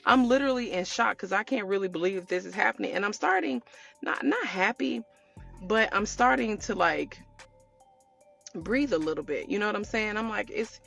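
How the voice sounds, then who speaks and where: A woman telling her viewers a personal story in a casual storytime way, animated and chatty, calling them y'all. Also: mid-range voice, normal speed, creaky, faint music behind. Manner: animated, addresses viewers as y'all, acts out quotes. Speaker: storytelling vlogger.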